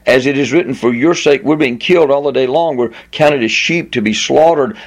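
A man delivers a sermon as a pastor, in a mid-pitched voice. He reads scripture with deliberate stress, drawing out repeated words and rising on the ones that matter most. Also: big pitch swings. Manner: emphatic preaching, slowing and lifting on key words.

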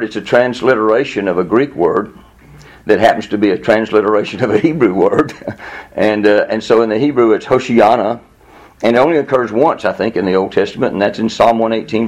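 A man preaching a Bible teaching in a conversational, animated way, often chuckling and repeating words as he goes. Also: fairly low pitch. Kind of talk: sermon teaching.

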